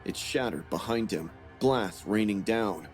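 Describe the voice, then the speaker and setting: A man giving a scripted first-person horror narration in a steady, grim storytelling manner. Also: lowish voice, measured pace, soft background music.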